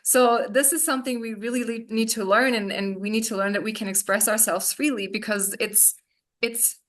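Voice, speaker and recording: Guest: woman healer, confident and emphatic, fairly high voice, casual video-call chat. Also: steady tone, moderate pace, fairly bright tone. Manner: confident, emphatic, laughs easily. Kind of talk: casual podcast conversation.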